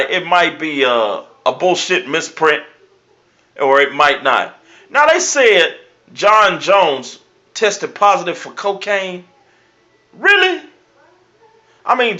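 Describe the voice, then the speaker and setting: A man's voice: high-pitched, bright, forceful tone. Brash man making sports predictions. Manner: repeats catchphrases. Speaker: sports show host. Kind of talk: sports commentary vlog. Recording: dull lo-fi recording.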